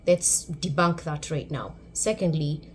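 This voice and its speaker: A woman from Kenya with a Kenyan accent, speaking a little low for a woman. She gives a sarcastic, emphatic commentary for her vlog. Faint background noise runs under her voice. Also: a little slow. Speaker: YouTube commentator.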